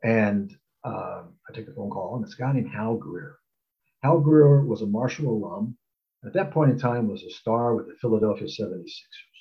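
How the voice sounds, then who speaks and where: A man's voice: fairly low pitch, normal speed. Older guy telling an old story, lots of ums, acts out the quotes, kinda dull lo-fi sound. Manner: rambling, with fillers and lively acted quotes. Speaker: storyteller recalling his college recruitment. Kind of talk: casual spoken anecdote.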